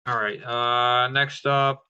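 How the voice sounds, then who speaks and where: Bright, smooth-voiced man, casual and profane. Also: mid-range voice, level tone, slow, highs cut off. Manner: casual, profane, filler-heavy. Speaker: wrestling show reviewer. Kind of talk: casual recap monologue.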